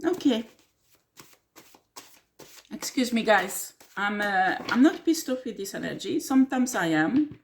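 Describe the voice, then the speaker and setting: A woman's voice: mid-range voice, animated, measured pace, long pauses, a little hiss or hum. Blunt, swearing woman tarot reader. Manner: blunt, combative, swears and laughs scornfully; repeats "do you understand?" and "okay?". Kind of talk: tarot reading monologue to camera.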